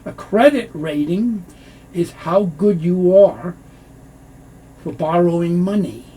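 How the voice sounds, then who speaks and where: A man teaching English pronunciation, explaining slowly and repeating phrases to show how they sound. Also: high voice, lively intonation, mellow, a little hiss or hum. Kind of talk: pronunciation lesson.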